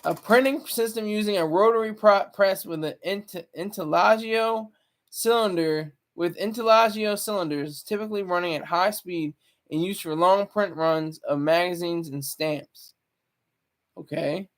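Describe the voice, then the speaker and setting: A man's voice: high voice, a little slow. A man talking casually on a live stream, rambling with many stammered restarts.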